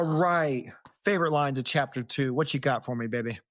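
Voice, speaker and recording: A man's voice: mid-range voice, moderate pace, no room sound, studio quality. A young adult man hosting a podcast, chatting casually about a book and acting out the quoted lines. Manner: animated storyteller, acts out quoted lines. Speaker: podcast host. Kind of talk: casual book-discussion chat. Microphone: close podcast mic.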